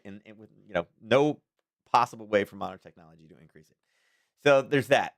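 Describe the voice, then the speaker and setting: A man's voice: medium pitch, quick pace, no room sound, studio quality. A man hosting a casual daily market commentary stream, talking in a rambling, chatty way with frequent chuckles.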